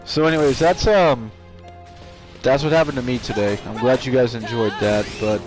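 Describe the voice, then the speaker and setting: A man's voice: medium pitch, moderate pace. A man streaming live, telling a story from work in a rambling, casual way with frequent restarts. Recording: game music playing behind. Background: video game music.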